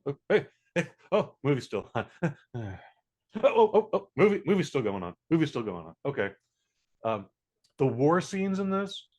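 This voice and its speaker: A man's voice: mid-range voice, fairly bright tone. A man casually reviewing a film on a podcast, rambling with many fillers and restarts. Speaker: podcast co-host. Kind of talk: casual movie review chat.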